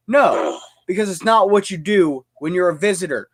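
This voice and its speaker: Young man with a high voice, heated livestream rant, fired up and tripping over his words. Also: sing-song, normal speed, slightly rough. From United States. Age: young adult. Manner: fired-up, repetitive, stumbling restarts. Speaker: livestream host.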